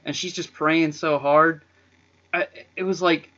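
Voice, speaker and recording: An excited man with a bright, forceful voice, eagerly retelling film scenes and acting them out. He speaks a bit high for a man. The sound is dull and lo-fi. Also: unhurried. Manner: enthusiastic, acts out scenes in quoted voices. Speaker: podcast co-host. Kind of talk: casual film discussion. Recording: dull lo-fi podcast audio.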